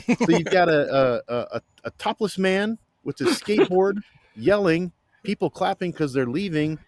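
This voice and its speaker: A man, a guest on a podcast, telling a story in an animated, excitable way with lots of restarts. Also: high-pitched, moderate pace. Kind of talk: casual chat, animated storytelling.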